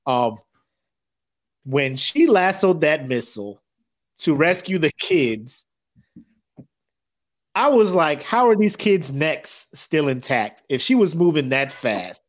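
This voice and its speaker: A man co-hosting a podcast, chatting casually about movies, profane and animated, acting out characters' lines as he goes. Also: on the high side, takes it slowly, pauses often. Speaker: podcast co-host. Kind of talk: casual movie review chat.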